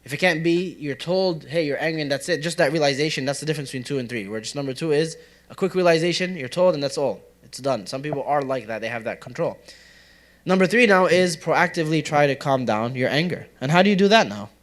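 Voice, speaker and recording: A man's voice: fairly high pitch, expressive, fast talker. A young man teaching a casual, interactive study circle in a community center classroom, asking the audience questions and joking with them. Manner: conversational, asks the audience questions, jokes and laughs. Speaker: religious teacher.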